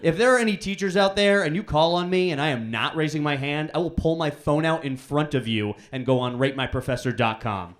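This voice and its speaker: Deadpan young man doing stand-up. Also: on the high side, fairly quick, hardly any pauses. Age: young adult. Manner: deadpan, absurd one-liners with playful put-on voices. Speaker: stand-up comedian. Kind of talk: stand-up comedy set. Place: student show stage before a live audience.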